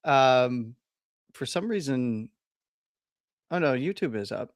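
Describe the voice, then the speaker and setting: A man's voice: medium pitch, lively intonation, slow, no room sound, clean studio sound. A man co-hosting a casual show, laughing often as he banters. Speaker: co-host.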